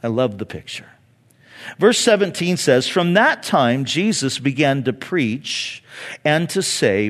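A man from California preaching a conversational sermon in a church, with dramatic pauses. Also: on the high side, sing-song. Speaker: pastor.

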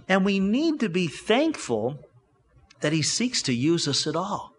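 A man's voice: high voice, huge pitch swings, measured pace, breathy edge. A man pastor preaching a sermon in a church, retelling Bible stories in a conversational way, with frequent restarts.

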